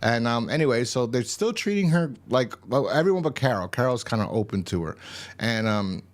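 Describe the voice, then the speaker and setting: A man's voice: medium pitch, lively intonation, fairly quick. A man giving a casual, rambling and profane review of a TV episode. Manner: rambling, profane, full of fillers and restarts.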